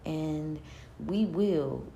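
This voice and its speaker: A woman's voice: low-pitched, extremely slow, gravelly, mellow, highs cut off. A woman with a Southern US accent hosting a podcast solo, talking in a laid-back, chatty way and laughing often. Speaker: podcast host. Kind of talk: casual solo podcast chat. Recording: roomy echo, faint room noise.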